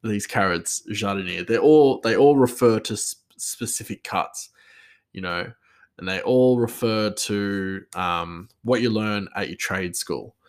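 Male chef, casual podcast monologue; lower pitch, hesitant, rambling, laughs easily. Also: slow pace.

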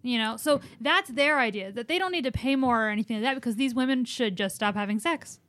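A young adult woman co-hosting a casual talk show, explaining her views in a measured, thoughtful way. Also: a little high, fairly bright tone, no echo, studio quality. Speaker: podcast co-host. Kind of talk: casual opinionated chat.

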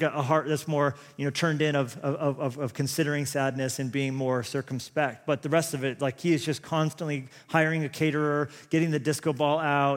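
A man in his thirties preaching a sermon, telling rambling, self-deprecating stories full of restarts. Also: a little high. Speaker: pastor. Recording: long hall reverb.

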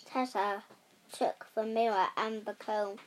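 A young girl reading a fairy tale aloud slowly and carefully. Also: medium pitch, steady tone, slight background noise.

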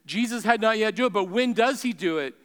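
A male preacher delivering a sermon, rising to emphatic peaks and dropping to hushed, quiet lines. His voice is high-pitched for a man and smooth, with a clear resonant ring. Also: lively intonation, fairly quick. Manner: emphatic, swinging between raised and hushed delivery.

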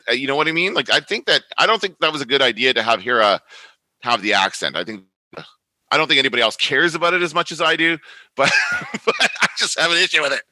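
A man's voice: a little high, sharp tone, dry recording, poor audio. A man from Canada, co-hosting a podcast in casual chat, rambling and correcting himself as he goes. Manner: rambling, self-correcting, chatty. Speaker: podcast co-host.

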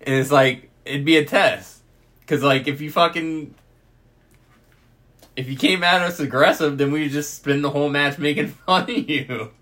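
A man's voice: on the high side, moderate pace, a bit bright. An American man co-hosting a podcast in casual chat, swearing constantly and rambling through stories with laughs. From United States. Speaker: podcast co-host.

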